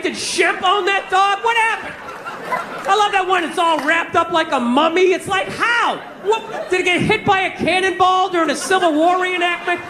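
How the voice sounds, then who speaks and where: A man's voice: very high voice, background noise. A man performing a stand-up set, ranting in an exasperated, profane way. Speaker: stand-up comedian. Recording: live show with audience laughter.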